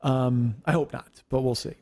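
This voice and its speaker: A man in his forties hosting a podcast, telling a story in casual chat, profane, animated and self-mocking. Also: medium pitch, moderate pace, gravelly. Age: 40s. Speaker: podcast host.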